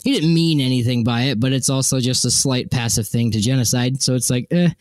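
A man's voice: medium pitch, brisk, dry recording. Rambling young man in casual chat. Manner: rambling, frequent "like" fillers and restarts. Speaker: podcast co-host.

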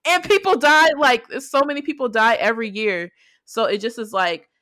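Young woman, casual podcast co-host, earnest, halting, bright ringing voice. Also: on the high side, sing-song. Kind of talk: casual chat.

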